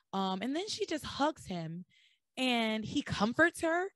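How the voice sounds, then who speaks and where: A young woman hosts a casual podcast, animatedly retelling soap scenes and dropping into lower voices for the characters. Her voice sits a little high. The recording is close and dry. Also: measured pace, no echo. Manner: animated storyteller acting out dialogue in lowered voices. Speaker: podcast host recapping a soap opera. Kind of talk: casual chat.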